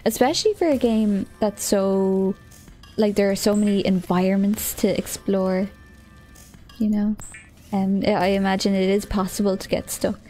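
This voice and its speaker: A woman's voice: mid-range voice, fairly even intonation, moderate pace, warm tone, faint music behind. A woman streamer chatting casually as she plays, thinking aloud, easily startled and often giggling.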